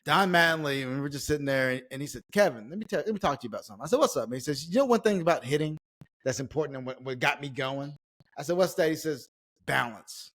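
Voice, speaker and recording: A man, a former pro baseball player, telling stories as a podcast guest, animated and acting out quoted lines. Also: on the high side, fast. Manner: animated storyteller, acts out quotes, swears casually. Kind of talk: casual storytelling chat.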